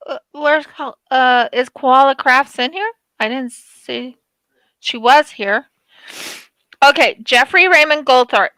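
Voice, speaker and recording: A woman hosts a craft live stream, her voice high and bright, with a dry, close sound. She speaks slowly, tearful and apologetic as she talks through her work. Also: smooth, no echo, rough recording. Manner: emotional, apologetic, perfectionist. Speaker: craft channel host. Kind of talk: casual live-stream chat while crafting.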